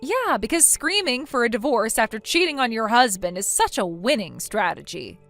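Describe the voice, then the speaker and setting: A synthetic female voice, a little high, sing-song and a bit bright, narrates a text-message story at normal speed over soft music. It plays a blunt young woman sternly scolding her friend.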